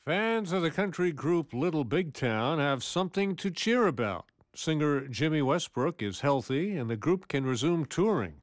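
A man presenting a radio news program in a crisp announcer delivery. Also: fairly high pitch, expressive, normal speed, few pauses, no room sound, clean studio sound.

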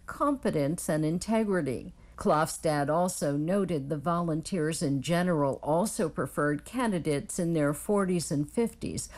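A woman reading a scripted news report in a measured, even delivery. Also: sits low.

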